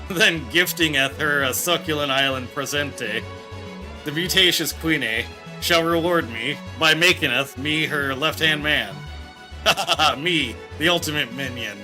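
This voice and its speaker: A man's voice: a little high, unhurried, close to an everyday voice. A man voicing a pompous, scheming male minion who speaks in theatrical mock-old English with pirate flourishes. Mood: grandiose. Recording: faint game music behind.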